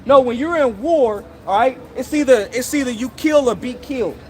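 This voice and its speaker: A man's voice: extremely high pitch, expressive, normal speed, a little mellow, a little hiss or hum. A man street preaching outdoors in a scolding, confrontational way, tagging almost every phrase with "all right?" or "okay?". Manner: scolding, accusing listeners directly.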